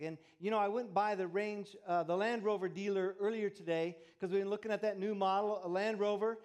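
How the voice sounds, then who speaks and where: A man's voice: sits high, fairly even intonation, a little fast, a little mellow. A man preaching a sermon, telling stories in a folksy, conversational way. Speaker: pastor. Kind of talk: sermon with storytelling.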